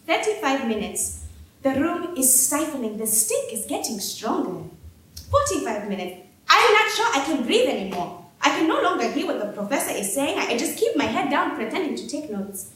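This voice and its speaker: A woman performing a dramatic first-person story in a staged reading, expressive and wry, heard in an echoey theater hall. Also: sits high, normal speed.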